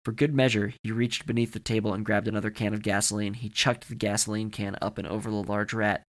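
A man's voice: lowish voice, flat delivery, fast. A man narrating a horror story for a podcast with dramatic, varied delivery.

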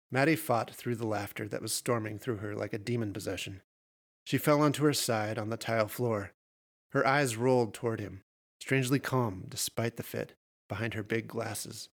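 A man reads horror fiction aloud in a measured, steady narration. His voice has a gravelly, fry-heavy texture at a middle pitch. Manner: measured storytelling.

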